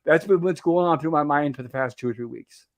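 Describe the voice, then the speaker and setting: A man's voice: on the high side, fairly quick. A man hosting a casual livestream chat, telling a rambling story and repeating "I said" as he recounts a conversation. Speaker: host.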